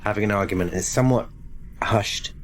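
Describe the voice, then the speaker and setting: A man running a tabletop horror game as game master, narrating in a measured, descriptive way. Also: on the low side, a little hiss or hum. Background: music.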